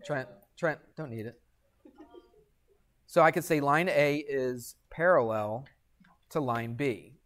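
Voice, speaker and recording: A man's voice: medium pitch, takes it slowly, pauses often, fairly bright tone. A middle-aged man teaching math to a classroom, asking the students questions and answering them himself, with jokey asides. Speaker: high school math teacher. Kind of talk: classroom lecture.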